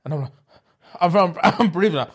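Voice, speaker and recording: A man's voice: high voice, a little fast, breathy edge. A young man telling a story in casual chat, acting out the voices of the people in it and using slang. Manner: animated, acts out voices in his stories, London slang.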